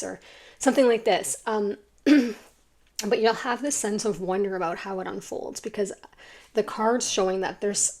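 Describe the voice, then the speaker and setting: A young adult woman giving a casual, effusive tarot card reading to her viewers, full of "like"s and quick laughs. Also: medium pitch, a little mellow. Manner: chatty and effusive, many "like"s, quick laughs, acts out imagined people.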